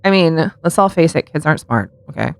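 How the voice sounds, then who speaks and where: A woman's voice: low voice, expressive, a little fast, gravelly, no echo. A woman co-hosting a casual podcast, telling true-crime stories with sarcastic asides and frequent giggles. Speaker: podcast co-host.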